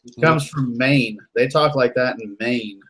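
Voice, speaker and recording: A man's voice: medium pitch, unhurried, fairly bright tone, husky. A man in casual chat among friends, dropping dry wisecracks.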